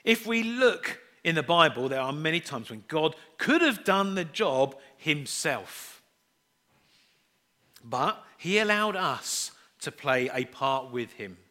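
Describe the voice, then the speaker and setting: A man's voice: a little high, sing-song, slow, pushed and bright. A middle-aged man preaching a sermon, telling chatty, self-deprecating family stories and acting out the voices in them.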